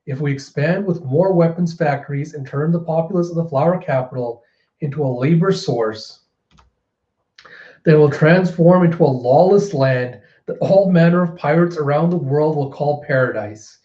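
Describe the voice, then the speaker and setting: A man's voice: on the high side, normal speed, dark tone, natural voice. Kaido, a commanding pirate emperor, read by a man. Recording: roomy, slightly dull recording.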